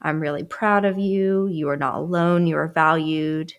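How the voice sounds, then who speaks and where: A woman's voice: low voice, fairly even intonation, normal speed, slight background noise. A woman co-hosting a casual therapy podcast, reading listener answers aloud and laughing often. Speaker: psychologist podcast co-host. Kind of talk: casual group podcast chat.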